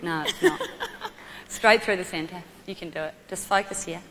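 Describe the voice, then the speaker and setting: Woman, bright tone, energetic instructor, motivational talk, reverberant hall. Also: fairly low pitch, moderate pace, slight background noise. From Australia. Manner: energetic, playful instructor, shouts commands. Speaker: guest speaker, martial arts athlete. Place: large hall with audience.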